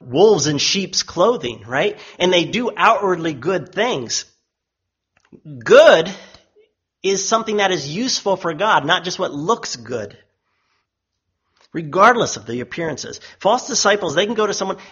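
Emphatic husky male preacher, lo-fi. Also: big pitch swings, unhurried. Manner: emphatic, rises for quoted voices and drops low and quiet for solemn lines. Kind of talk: sermon.

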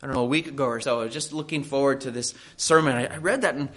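A man's voice: medium pitch, rapid-fire, a bit bright. A man, a pastor, delivering a sermon in an earnest, emphatic preaching manner, often pressing his point with rhetorical questions.

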